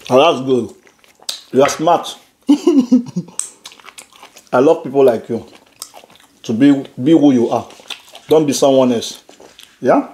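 A man's voice: medium pitch, animated, very slow, long pauses, warm tone, a little hiss or hum. A man hosting a casual family eating video at home, teasing his daughter and laughing often while he eats. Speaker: father and channel host. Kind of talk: casual family mukbang chat.

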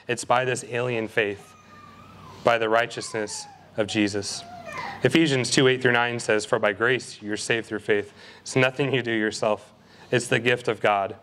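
Young male preacher with an earnest, emphatic sermon delivery, average pitch, slows for scripture readings. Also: fairly bright tone. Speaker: guest preacher. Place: college ministry service.

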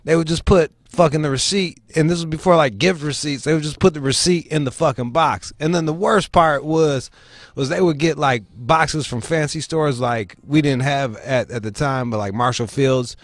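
A man hosting a casual talk show, telling stories in a profane, animated way. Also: on the high side, normal speed, no echo. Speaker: show host. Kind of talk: casual podcast chat.

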